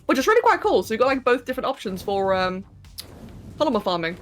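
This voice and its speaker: Chatty woman streamer, bright voice. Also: fairly high pitch, very animated, fast talker, soft background music. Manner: chatty, thinks aloud while playing and answers chat. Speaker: game streamer. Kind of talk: casual live-stream commentary.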